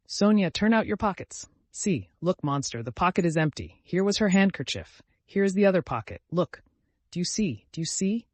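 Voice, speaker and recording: A man voicing a desperate, consumptive mother who pleads and accuses in shrill, hoarse outbursts. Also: big pitch swings, moderate pace, no echo. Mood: desperate pleading.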